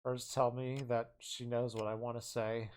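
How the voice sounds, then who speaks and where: A streamer reading a visual novel aloud as narrator, with expressive, exasperated asides. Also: medium pitch, moderate pace.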